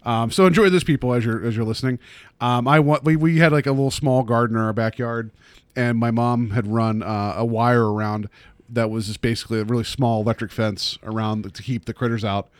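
A man's voice: mid-range voice, steady tone, a little fast, dry recording. A man in his thirties chatting casually on a podcast, telling stories in a wry, self-deprecating way. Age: 30s. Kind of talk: casual chat.

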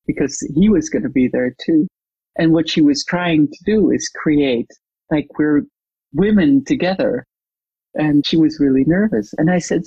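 A coach and trainer, a guest in an interview, who tells a client story with lively retelling and acts out the quoted dialogue. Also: medium pitch, breathy edge, no echo, highs cut off.

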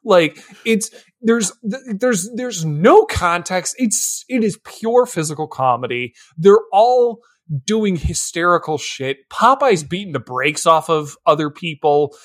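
Man, podcast co-host, husky voice, swooping animated pitch, excitable, acts out scenes. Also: takes it slowly. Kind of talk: casual movie-review chat.

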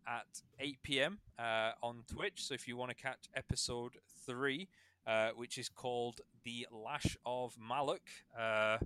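A man hosting a podcast and acting as game master, in a relaxed and rambling casual chat with many fillers. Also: medium pitch, measured pace, smooth, no echo.

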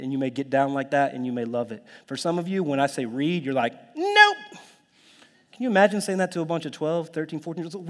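A fairly high-voiced man preaches a sermon in a big, reverberant church hall. His delivery is conversational and animated, full of asides to the congregation, sudden whispers and bursts of excitement. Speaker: pastor.

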